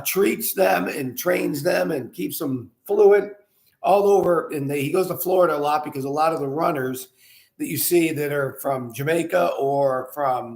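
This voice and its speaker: A man's voice: a little high, roomy sound. A man who owns a winery and hosts his own show, telling a casual story full of fillers and restarts, then tasting wine. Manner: rambling with many fillers and restarts. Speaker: winery owner and show host.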